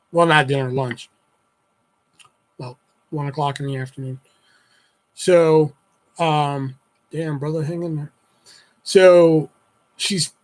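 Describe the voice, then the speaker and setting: A man's voice: a little high, low-quality recording. A young man streaming live, telling a long personal story in a rambling, casual way, swearing freely and full of fillers. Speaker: livestreamer.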